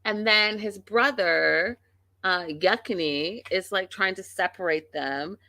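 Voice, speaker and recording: A woman's voice: medium pitch, takes it slowly, pushed and bright, no room sound. A woman hosting a casual reality TV recap, talking bluntly and emphatically with plenty of profanity. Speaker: show host.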